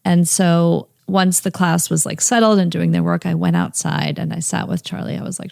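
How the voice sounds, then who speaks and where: Woman cohost, kinda low and fry-ey, dry close sound, chatty. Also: expressive, normal speed, few pauses, a little mellow, no echo. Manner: conversational, laughs easily. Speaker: podcast co-host, teacher. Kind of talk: casual podcast chat.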